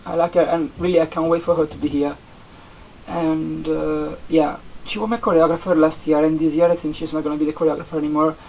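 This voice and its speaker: A young adult vlogger from Italy with an Italian accent, a native Italian speaker chatting casually in English, rambling and halting with many restarts and fillers. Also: mid-range voice, level tone, darkish tone. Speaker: vlogger, seasonal campsite entertainment worker. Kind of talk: casual vlog chat. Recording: distant mic with faint background noise.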